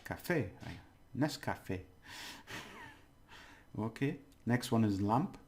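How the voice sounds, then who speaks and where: A man giving a casual video lesson as a language teacher, chatty, laughing often and repeating words slowly to model them. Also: on the low side, lively intonation, darkish tone, slight background noise.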